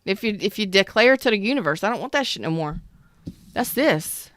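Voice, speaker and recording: A woman's voice: mid-range voice, brisk, dry recording, clean studio sound. Blunt, slangy woman tarot reader. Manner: blunt, swearing, animated Southern-style slang. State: clearing throat after a cough. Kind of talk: casual livestream tarot reading.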